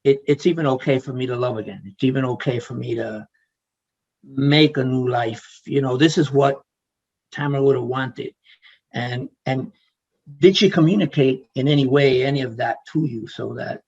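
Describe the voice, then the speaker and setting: Man, interviewer, husky, gentle and hesitant, long rambling questions, dull video call sound. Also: mid-range voice, normal speed.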